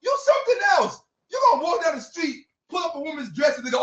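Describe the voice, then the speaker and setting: A man's voice: extremely high pitch, very animated, fast, hardly any pauses, echoey room, recorded from a distance, lo-fi sound. A man in a heated debate, angrily interrupting and repeating himself over and over. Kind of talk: heated argument.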